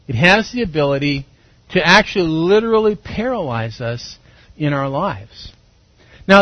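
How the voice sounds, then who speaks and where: A middle-aged man preaches a sermon, his voice sitting a little high as he acts out voices and stories. The recording is dry and slightly muffled, with little room sound. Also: no room sound. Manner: animated storytelling, acts out voices and shouts. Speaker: pastor.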